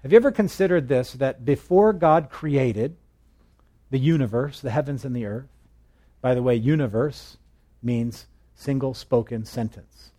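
A man's voice: medium pitch, measured pace, warm tone. A man teaching through a Bible passage in a conversational way, asking his listeners questions and telling jokes along the way. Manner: chatty, asks the listeners questions, tells jokes.

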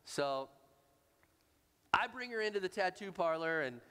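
A man preaching a sermon, telling a family story in an animated, repetitive way to a congregation in a large hall. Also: sits high, a little slow, clean tone. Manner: animated, repetitive anecdotal delivery. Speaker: pastor. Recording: long reverb in a large hall.

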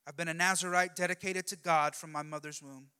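Man doing a casual, offhand strongman, high and bright, in a reverberant hall. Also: fairly even intonation, fairly quick, clear, resonant tone. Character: strong, offhand male hero Samson.

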